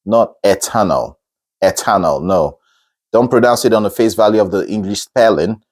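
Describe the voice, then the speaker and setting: A man giving a singing lesson on pronunciation, sounding words out slowly and checking in with "okay?", then rising higher to encourage viewers. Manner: lively, rises high when encouraging viewers. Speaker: singing teacher.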